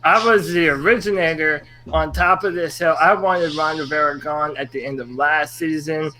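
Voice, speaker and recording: Co-host guy, kinda high voice, cracking jokes. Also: fairly even intonation, normal speed, pushed and bright, poor audio. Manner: joking, emphatic. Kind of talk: casual banter.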